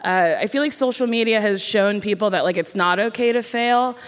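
A woman comedian from New Jersey telling stories in a casual interview, laughing often and talking with lively energy. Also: medium pitch, fairly quick. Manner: laughing, animated storytelling. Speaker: comedian guest. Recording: reverberant live stage recording.

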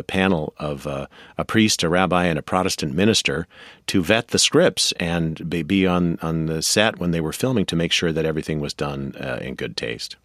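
A man as a radio interview guest, telling history in a measured, storytelling way. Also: low voice, fairly bright tone, no echo, clean studio sound.

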